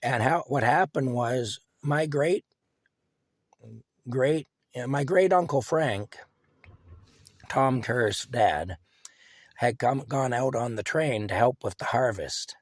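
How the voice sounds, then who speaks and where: An older man, telling family stories in a halting, rambling way. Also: mid-range voice, lively intonation, dry recording. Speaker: vlogger. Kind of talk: casual storytelling.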